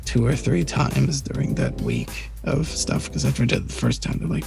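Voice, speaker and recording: A man co-hosting a podcast, telling a rambling, animated workplace story in casual chat. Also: medium pitch, moderate pace, vocal fry, music in the background. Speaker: podcast co-host.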